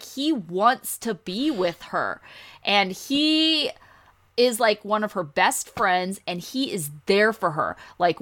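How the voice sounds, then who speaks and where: A woman's voice: medium pitch, pushed and bright. A woman co-hosting a podcast, chatting casually and animatedly about a reality show, with lots of fillers. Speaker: podcast co-host.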